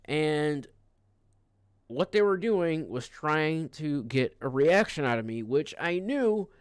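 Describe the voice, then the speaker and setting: A man's voice: medium pitch, smooth, no echo, studio quality. A man streaming a casual rant, rambling and cursing, with frequent restarts. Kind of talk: casual ranting livestream.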